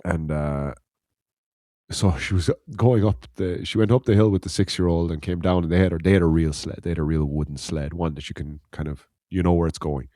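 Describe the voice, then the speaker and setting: A man's voice: low voice, steady tone, a little fast, dark tone, no room sound, clean studio sound. A man from Ireland, a podcast co-host, telling a rambling anecdote in casual chat, laughing and swearing as he goes.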